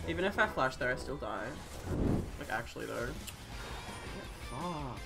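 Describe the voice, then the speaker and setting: A chaotic young woman commentating her own game stream, dropping to low mutters and then shooting up into shrieks. Her voice swoops widely and she drawls her words slowly. Game music plays clearly behind her. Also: expressive. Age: 20s. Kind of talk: live gameplay commentary.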